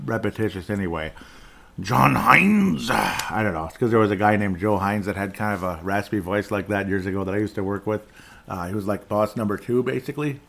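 A man's voice: on the low side, gravelly. A middle-aged man hosting a casual solo sports podcast, rambling and digressive with chuckling asides. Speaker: podcast host.

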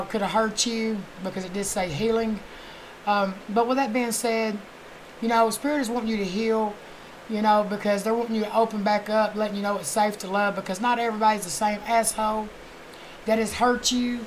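A woman giving a casual tarot reading, chatty and blunt, who swears offhandedly and murmurs softly while shuffling. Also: mid-range voice, a little hiss or hum, low-quality recording. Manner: chatty, swears casually, fillers like "you know". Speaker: tarot card reader.

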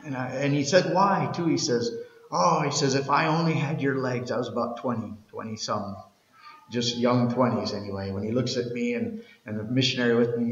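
A middle-aged man preaching a sermon as pastor, telling stories in a conversational way and often restarting his words. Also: medium pitch. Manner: conversational storytelling, repeats words when restarting. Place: church sanctuary. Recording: roomy church hall, dull lo-fi sound.

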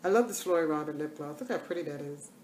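A woman's voice: sits low, fast talker, a little mellow, echoey room, slight background noise. A woman chatting casually through a live makeup tutorial, repeating catchphrases in a sing-song way. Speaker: makeup vlogger.

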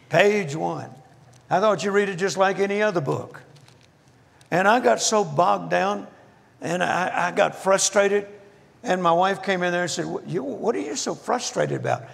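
Older man, gravelly high-pitched preacher. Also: a bit bright. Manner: folksy, jokey, slows down for emphasis. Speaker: guest minister. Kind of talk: humorous storytelling sermon. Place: church auditorium. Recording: reverberant church hall.

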